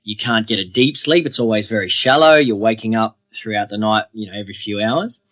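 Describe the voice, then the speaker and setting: A man, a guest on an interview podcast, telling adventure stories in a relaxed, steady way. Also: lowish voice, a little fast, muffled recording.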